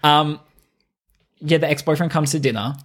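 A man's voice: a little high, normal speed, fairly bright tone. A man, casually retelling a film plot on a podcast, swearing freely and rambling through quoted lines. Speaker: podcast co-host.

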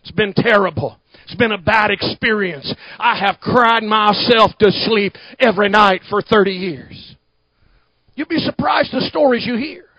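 A man preaching a sermon to a congregation, talking back and forth with them and building to shouted emphasis. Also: high voice, a little slow, no echo, dull audio. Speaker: pastor.

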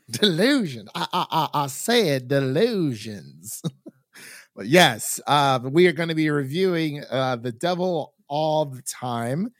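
A man's voice: a little high, expressive, unhurried, a bit bright, no echo, studio quality. A man from Ohio hosting a film review podcast in casual chat, laughing often. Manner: laughs often, chatty with fillers. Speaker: podcast host.

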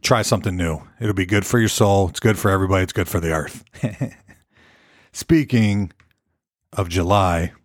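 A man's voice: low-pitched, normal speed, pauses often, dry recording, studio quality. A man hosting his own podcast, rambling casually and cursing, often repeating himself as he goes. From United States. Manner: rambling, profane, repeats words. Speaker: podcast host.

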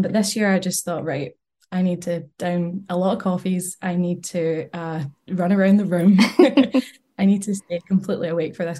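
A woman's voice: lowish voice, warm tone. A young woman guest on a podcast, chatting in a bubbly way and laughing often. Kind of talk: casual podcast chat.

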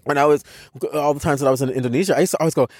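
A man's voice: a little high, fairly even intonation, rapid-fire, a little mellow, no echo, clean studio sound. Stammering American man telling a story. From United States. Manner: emphatic, with frequent restarts and stammered repeats. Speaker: podcast co-host. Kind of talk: personal storytelling in casual conversation.

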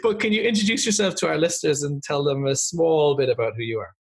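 A man's voice: fairly high pitch, fast talker, slightly rough. A man hosting a podcast, reading a guest introduction and then chatting with enthusiasm. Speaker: podcast host. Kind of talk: scripted introduction and casual interview. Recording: music playing behind the voice. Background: music.

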